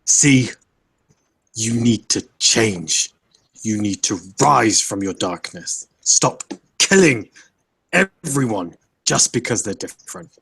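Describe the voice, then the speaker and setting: A man playing a husky, self-righteous doctor. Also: medium pitch, expressive, takes it slowly, pauses often. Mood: indignant. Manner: indignant shouting. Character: angry male doctor, self-righteous zealot.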